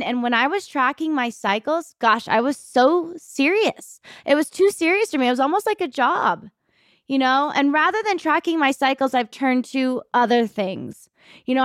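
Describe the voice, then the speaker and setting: A woman in her thirties hosting a podcast, talking openly and reflectively about her own life, sometimes rushing and sometimes slowing down. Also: sits high, a bit bright, dry recording, clean studio sound. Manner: open, reflective, speeds up and slows down. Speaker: podcast host. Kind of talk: candid personal talk.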